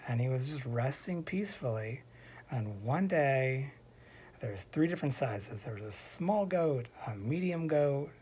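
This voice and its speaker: Husky guy telling a goofy story from a hospital bed, rambles off topic, whispers bits. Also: a little high, a little mellow. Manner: digressive asides, drops to a whisper at times. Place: hospital room.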